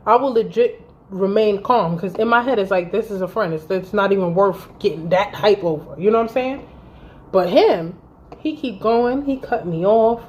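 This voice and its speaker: Blunt, foul-mouthed woman vlogger. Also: mid-range voice. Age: around 30. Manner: blunt, heavy swearing, animated retelling. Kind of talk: storytime vlog, recounting a fight.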